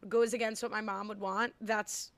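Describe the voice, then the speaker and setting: A woman's voice: medium pitch, little pitch movement, moderate pace, a bit bright, no echo. A young woman from the United States co-hosting a podcast, playfully recapping an episode in casual chat. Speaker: podcast co-host.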